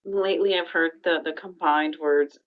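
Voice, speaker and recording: A woman's voice: sits low, fairly even intonation, normal speed. A woman interviewing an author for a library, asking rambling, hesitant questions full of ums. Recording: dull lo-fi sound.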